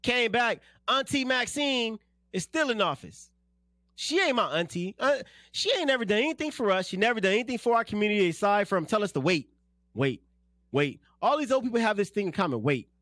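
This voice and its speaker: A man's voice: high-pitched, expressive, brisk, fairly bright tone, no echo, clean studio sound. A man from South Central Los Angeles giving a blunt, slangy, fired-up radio monologue as host and political candidate.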